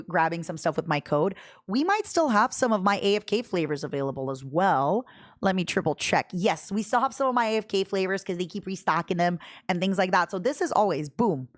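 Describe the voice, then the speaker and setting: Bubbly young woman streamer chatting. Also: mid-range voice. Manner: bubbly, talks to chat, jumps from topic to topic. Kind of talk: casual livestream chat.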